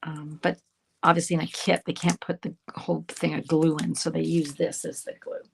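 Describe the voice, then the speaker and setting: A woman's voice: sits low, level tone, normal speed, vocal fry, a little hiss or hum. A woman from Canada chatting casually with viewers while making cards, talking to herself as she works and poking fun at her own slips. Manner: chatty, self-deprecating, talks to viewers while working. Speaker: card-making instructor. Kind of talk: casual crafting tutorial.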